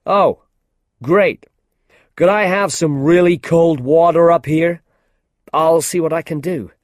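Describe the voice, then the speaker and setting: A cocky, careless male movie star in a storybook reading, as a narrator puts him on. He comes across loud and breezy at a clearly raised pitch, in a dry, close recording. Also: slow pace, no echo. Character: confident, careless famous male film star.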